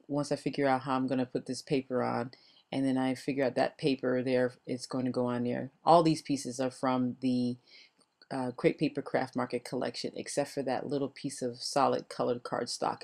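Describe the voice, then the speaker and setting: This crafting vlogger is an older woman with a bass, slightly mellow voice. She narrates the voice-over for her craft video in a chatty, rambling way and laughs often.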